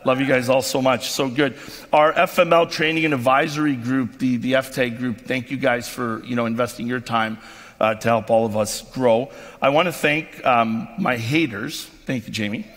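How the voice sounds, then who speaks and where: Speaking from a convention stage in a large hall, a keynote speaker gives an emotional, effusive motivational speech to his company, full of ums and restarts. His mid-range voice is steady, fairly bright, and moderately paced, with long hall reverb around it.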